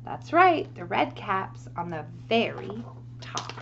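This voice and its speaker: A woman reading a picture book aloud to children, animated and asking her listeners questions. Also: mid-range voice, slow pace, pauses often, muffled recording, a little hiss or hum. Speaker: storyteller for children.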